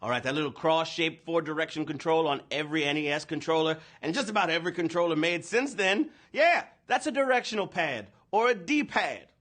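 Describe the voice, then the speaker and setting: A man hosting a live trivia game show, energetic and playful, talking slangy to the players. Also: a little high, a little fast, few pauses. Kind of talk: hyped livestream hosting.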